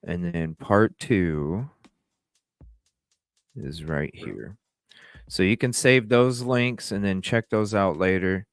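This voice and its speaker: A man's voice: sits low, clean tone, no room sound. A man hosting a casual livestream, rambling with fillers and restarts and greeting chat viewers. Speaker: livestream host.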